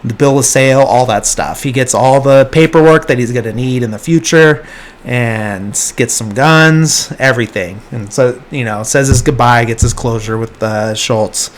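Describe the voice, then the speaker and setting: A man's voice: medium pitch, moderate pace. A man hosting a podcast, casually retelling a film's plot in a loose, rambling way and briefly acting out the characters' lines. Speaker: podcast host. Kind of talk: casual movie plot recap.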